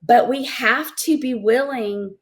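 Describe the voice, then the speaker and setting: Emotional middle-aged woman, slightly high voice. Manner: emotional, halting, repeats words as she searches for them. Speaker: interview guest. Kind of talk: heartfelt personal testimony.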